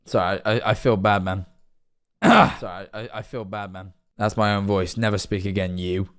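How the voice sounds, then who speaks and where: A man's voice: lowish voice, fairly even intonation, moderate pace, fairly bright tone, smooth. A man livestreaming and reacting to videos, rambling with lots of fillers, getting worked up and then sheepish. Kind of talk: casual live-stream commentary.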